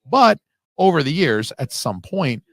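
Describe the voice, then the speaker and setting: A man's voice: fairly high pitch, big pitch swings, unhurried, a bit bright, dry recording. A man hosting a casual audio commentary on a film, talking in a rambling, analytical way with the odd swear word.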